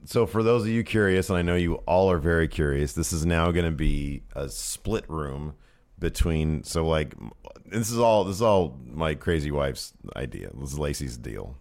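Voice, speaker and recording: A man's voice: a bass voice, expressive, moderate pace, a little mellow. A man co-hosting a casual podcast, rambling and joking, with light swearing, recorded in a room at home. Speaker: podcast co-host. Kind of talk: casual chat. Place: home office room being cleared out.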